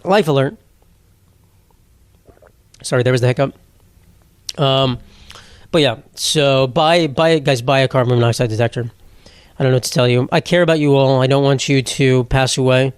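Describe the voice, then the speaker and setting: Rambling, sarcastic young comedian, dry close sound. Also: male voice, mid-range voice, fairly even intonation, brisk, clear, resonant tone, no echo. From New York. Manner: rambling, sarcastic, swears freely, laughs at own jokes. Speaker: podcast host, comedian. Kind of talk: solo comedic podcast monologue.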